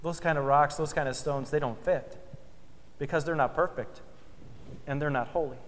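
Male pastor, fairly high voice, dramatic sermon delivery, long church reverb. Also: a little hiss or hum. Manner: emphatic, swells loud then drops soft and slow. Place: church sanctuary.

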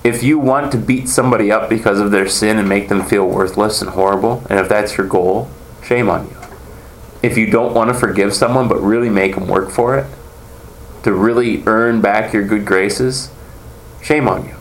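A man's voice: on the low side, fairly even intonation, normal speed. A man teaching a conversational Bible lesson, earnest as he explains and questions the class. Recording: echoey room, faint background noise.

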